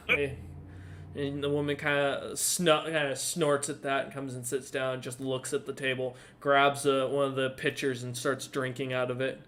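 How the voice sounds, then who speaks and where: A man's voice: mid-range voice, level tone, normal speed, hardly any pauses, a bit bright. A man narrating a tabletop game as dungeon master, rambling with lots of fillers. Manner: rambling, many fillers and restarts.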